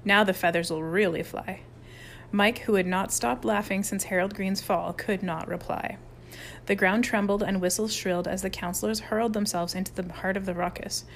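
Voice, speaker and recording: A woman's voice: medium pitch, creaky, slight background noise. A woman narrating a children's chapter book aloud, reading expressively. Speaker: audiobook reader. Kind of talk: storybook narration.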